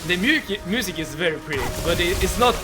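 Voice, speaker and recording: A man's voice: high voice, animated, brisk. A young man with a Swedish accent chatting with his live-stream viewers while playing a game. He stammers and repeats words a lot and laughs often. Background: soft game music.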